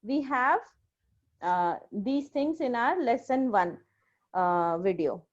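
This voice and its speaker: A woman with an Indian accent teaches Japanese in a high, bright-sitting voice, patiently drilling each word and repeating it. The recording is dull and lo-fi, with the top end muffled. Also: expressive, slow. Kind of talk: classroom language lesson.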